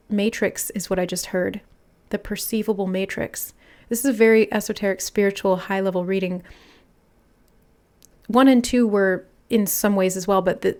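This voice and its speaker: A woman giving an intuitive tarot reading, musing aloud in a soft, channeling manner as she relays messages. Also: medium pitch. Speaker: tarot reader.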